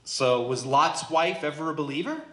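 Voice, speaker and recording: This man's fairly high, slightly bright voice moves at a moderate pace as he leads a church Bible study. Emphatic in his teaching, he often checks in by questioning his listeners, and the room gives the recording a roomy echo.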